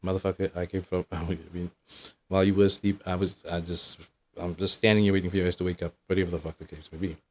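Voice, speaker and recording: A man's voice: deep voice, flat delivery, quick pace. A man in his thirties telling a meandering, profanity-laden story in a casual monologue. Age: 30s. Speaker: vlogger.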